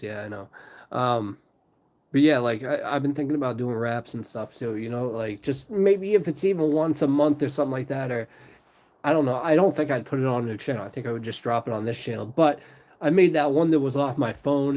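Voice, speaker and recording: A man's voice: mid-range voice, a little mellow. A man hosting a live stream in casual chat, rambling with lots of fillers.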